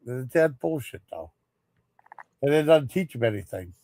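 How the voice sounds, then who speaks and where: A man's voice: fairly high pitch, very animated, moderate pace, a little mellow. A man telling a rambling story on a live stream, frustrated and cursing freely as he goes. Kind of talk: casual storytelling chat.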